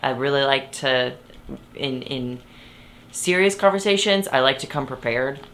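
A young woman with a low voice hosts her podcast from her bed. She rambles loosely and cuts herself off mid-thought. She breaks into laughter often. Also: fairly even intonation, unhurried, fairly bright tone. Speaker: podcast host. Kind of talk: casual chat. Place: bedroom, sitting on her bed.

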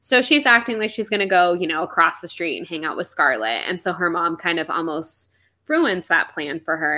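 A woman's voice: on the low side, normal speed. A young woman co-hosting a casual book podcast, chatting animatedly and acting out characters' lines. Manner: animated, acts out characters' lines with big swoops. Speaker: podcast co-host. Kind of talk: casual book-club chat.

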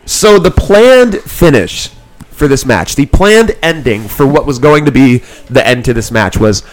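A man of ordinary pitch hosts a laid-back podcast and tells a story about an old match. He talks in a lively way, laughs often, swears and acts out both voices of the conversation. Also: a little slow. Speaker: podcast host. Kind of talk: casual storytelling chat. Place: small room, sitting on a kid's trampoline. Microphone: own mic close to a second mic.

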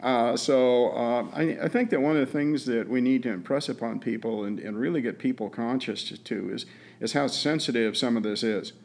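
Man, podcast co-host, folksy storyteller, lots of uh and restarts, middle pitch. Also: normal speed. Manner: folksy storytelling with many "uh" fillers and repeats. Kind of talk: casual chat.

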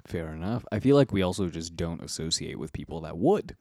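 A young man co-hosting a podcast in casual chat, cracking deadpan jokes with plenty of swearing. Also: sits low, fairly quick, no room sound, studio quality. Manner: joking, profane, deadpan quips. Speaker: podcast co-host.

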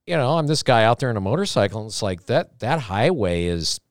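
A man guest on a casual podcast, telling rambling road-trip stories and cracking deadpan jokes. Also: fairly low pitch, fairly quick, dry recording, studio quality. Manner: rambling storyteller, deadpan joking. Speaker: podcast guest, radio host. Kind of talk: casual chat.

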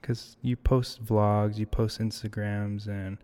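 A young man with a lowish, dark voice speaks slowly and in a level tone as a podcast guest. He sounds reflective and hesitant, frequently restarting sentences in a casual conversational interview.

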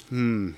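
A man's voice: mid-range voice, background noise. A man in casual chat, laid-back, mostly listening with short replies and laughs.

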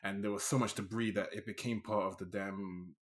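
A man co-hosting a casual film review chat, animated and laughing as he mimics scenes. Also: fairly low pitch, fairly quick. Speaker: podcast co-host.

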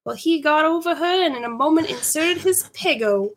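A woman's voice: high voice, animated, moderate pace, a bit bright, voice pushed up. A woman reading as a prim Victorian girl. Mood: confiding. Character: prim Victorian young woman telling a secret.

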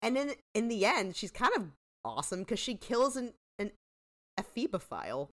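Casual podcast co-host, woman, rambly and chatty, very animated pitch. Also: moderate pace. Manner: chatty, trailing off with frequent "like" and "you know". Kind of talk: casual chat.

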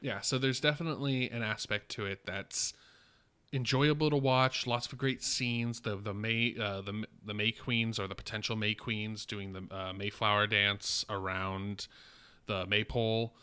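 A man's voice: on the low side, fairly even intonation, a little slow, bright, forceful tone, clean tone. A man co-hosting a casual film podcast, giving frank opinions with hesitant restarts. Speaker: podcast co-host.

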